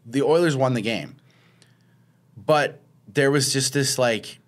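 Slow and mid-range, this man's voice carries a story during a casual podcast chat he co-hosts. He raises his voice to act out the quotes.

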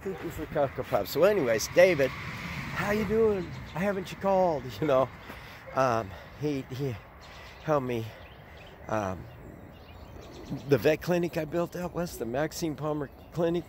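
An older man, running an animal sanctuary and chatting casually outdoors in a rambling way, breaking into a high cooing voice for the puppies. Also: unhurried, long pauses, darkish tone, slight background noise. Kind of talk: casual vlog chat.

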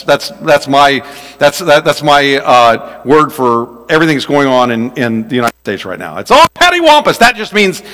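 Animated pastor in reverb. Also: male voice, fairly high pitch. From Louisiana. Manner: folksy, joking storyteller. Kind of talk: sermon. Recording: long reverb of a large hall.

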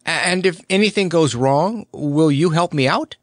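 A man voicing a cheerful, fatherly male Scarecrow, warm and lively in manner. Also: a little high, measured pace, no room sound, clean studio sound, pitched above the performer's own voice, lightly acted. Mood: hopeful. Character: jolly straw-stuffed male Scarecrow, fond and cheerful.

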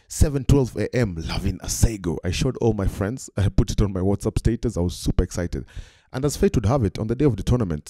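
Dark-voiced Kenyan man telling a story. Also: on the low side, no room sound. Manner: lively, acts out quoted voices. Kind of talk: animated personal anecdote.

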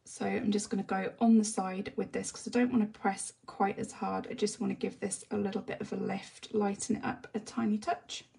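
Gravelly English woman, soft chatty tutor. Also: mid-range voice, a little fast, hardly any pauses, far from the mic. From England. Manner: relaxed rambling chat, often drops to a soft half-whisper while working. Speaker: colouring tutor. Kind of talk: chatty live-stream tutorial while colouring.

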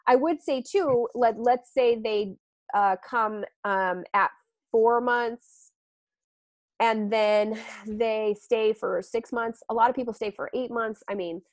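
A woman dog trainer, a guest on a podcast interview, explaining her training in a lively way with frequent laughs. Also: a little high, takes it slowly, no room sound. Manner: animated, laughs often, acts out quotes.

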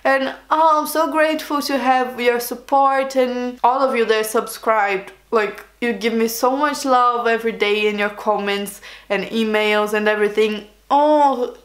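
Female advice vlogger, higher voice, chatty and effusive, recorded in an echoey room. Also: level tone, normal speed, hardly any pauses. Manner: chatty, gushing, frequent "like" fillers. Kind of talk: casual chat to camera.

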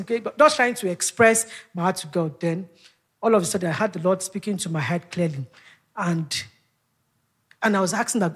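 A woman giving a church teaching, recounting a personal prayer experience in a halting, reflective way with many restarts and fillers. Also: medium pitch, breathy edge. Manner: drops to a soft, hushed tone when describing prayer. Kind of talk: personal testimony in a teaching session.

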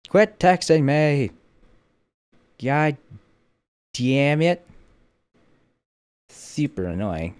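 A man hosting a casual gameplay video, joking, swearing and talking to himself as he plays. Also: lowish voice. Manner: jokey, swears a lot, talks to himself. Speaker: gameplay host.

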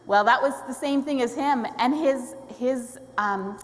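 A woman's voice: sits high, unhurried. Lady doing the children's story at church, chatty, asks the kids questions, big reverby hall. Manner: friendly, asks questions, laughs often. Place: church sanctuary. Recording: long hall reverb, faint room noise.

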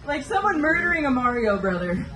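A woman's voice: high-pitched, big pitch swings, fairly quick. A woman doing a goofy, crude stand-up comedy set, giggling between her jokes. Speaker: stand-up comic. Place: comedy club stage. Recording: distant mic with loud crowd laughter. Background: loud audience.

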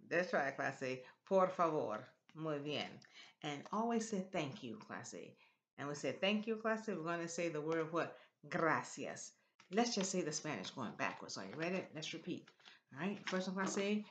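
Slow, sing-song woman teaching Spanish. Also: low voice, big pitch swings, a bit bright, highs cut off. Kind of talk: classroom language lesson.

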